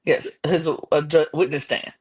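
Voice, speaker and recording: A woman's voice: deep voice, fairly even intonation, unhurried, darkish tone, husky. A woman co-hosting a podcast in casual recap chat, animatedly acting out quotes from the show. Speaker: podcast co-host.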